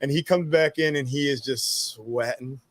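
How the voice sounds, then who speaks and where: A man's voice: medium pitch, normal speed, dry recording. A laid-back man in his thirties with an ordinary mid-range voice, telling war stories in a loose, casual flow. He swears freely and often laughs at his own punchlines. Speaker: guest, army veteran. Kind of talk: casual storytelling interview.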